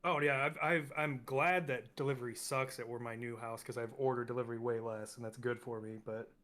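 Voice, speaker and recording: Medium in pitch, steady and fairly bright, this young podcast co-host vents his frustration during a laid-back chat. The angrier he gets, the faster his words come in bursts.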